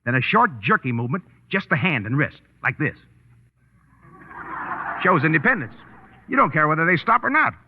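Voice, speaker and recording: Gruff wisecracking reporter, old radio. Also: male voice, on the high side, big pitch swings, normal speed, long pauses, a little hiss or hum. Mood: boastful. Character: brash wisecracking newspaperman, adult male. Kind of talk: 1930s radio drama acting. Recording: tinny old radio broadcast with reverb.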